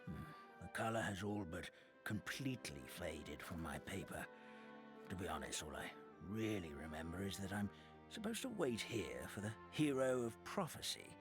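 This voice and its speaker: A man voicing a kindly, forgetful old paper grandfather in a game cutscene, gentle and chuckling, with old-fashioned blessings. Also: low voice, big pitch swings, normal speed. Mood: sorrowful. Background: soft game music.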